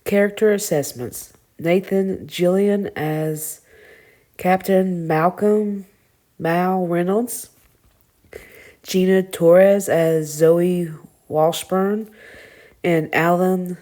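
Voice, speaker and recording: A woman with a Southern US accent reading her review notes aloud, halting and stumbling over names. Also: on the low side, a little mellow. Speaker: show reviewer.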